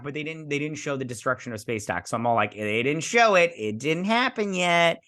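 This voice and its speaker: A man hosting a show, excitedly recapping an episode like a gushing fan, with lots of fillers and restarts. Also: mid-range voice, a little fast, hardly any pauses, clean tone. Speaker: host.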